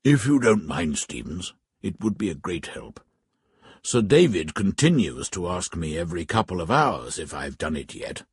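A man voicing a reserved, weary older lord in a measured, awkward manner in a storybook reading. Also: sits low, very animated, slightly rough, no echo, studio quality, heavily acted.

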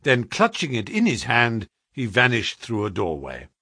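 A man narrating a story aloud in an expressive, measured way. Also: medium pitch, slightly rough, no room sound, studio quality. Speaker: audiobook narrator.

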